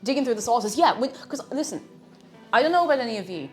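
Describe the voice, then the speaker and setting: Soft background music accompanies a young woman from Ireland as she cooks at home and live-streams, reading out her chat with plenty of giggles. Her voice is fairly high in pitch, expressive, and fast.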